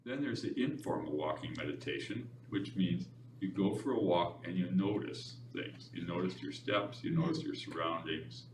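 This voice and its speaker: Low-voiced man leading a meditation class. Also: normal speed, few pauses. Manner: relaxed and chatty, with easy laughs. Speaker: meditation teacher. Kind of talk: informal class instruction. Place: library meeting room. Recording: echoey room, distant mic, background noise.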